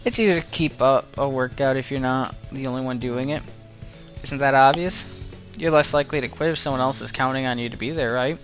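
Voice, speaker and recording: A man's voice: mid-range voice, brisk, lightly acted. Teasing, insistent teenage runner girl, as a male player reads her lines; faint music under a game recording. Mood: coaxing.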